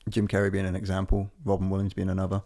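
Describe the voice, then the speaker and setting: A man's voice: low voice, completely flat delivery, very fast, gravelly, mellow. A man co-hosting a podcast, rambling from tangent to tangent in casual, sweary chat. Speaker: podcast co-host.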